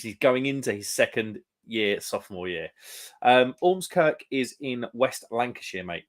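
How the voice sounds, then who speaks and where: A man's voice: mid-range voice, expressive, moderate pace. A young man from England hosting a live stream, chatting casually and reading out comments, with a rambling manner full of "mate" and "um".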